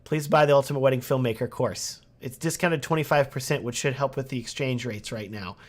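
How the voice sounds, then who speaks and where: A man's voice: mid-range voice, brisk. Chatty man answering livestream questions. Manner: casual and chatty, reads viewer comments aloud. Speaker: wedding filmmaker and livestream host. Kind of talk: casual livestream Q&A.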